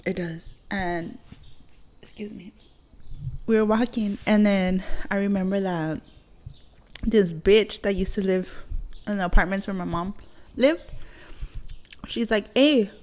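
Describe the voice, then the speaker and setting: A woman's voice: mid-range voice, fairly even intonation, measured pace, long pauses, a little mellow, slight background noise. A woman in her thirties, a podcast host, telling a personal story in casual chat, blunt and rambling with heavy swearing and many fillers.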